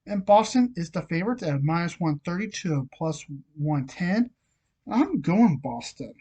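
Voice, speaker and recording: Hockey vlogger going thru scores n picks, slow and rambly, bit of a cough in the throat. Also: medium pitch, lively intonation, dark tone, slightly rough. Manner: chatty, many fillers, reads scores and odds. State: frog in the throat, nagging cough. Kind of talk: casual sports picks rundown.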